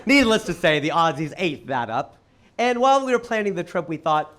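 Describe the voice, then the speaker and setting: Animated stand-up comedian, high voice. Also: male voice, a little fast, a little hiss or hum. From United States. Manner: animated, incredulous punchlines.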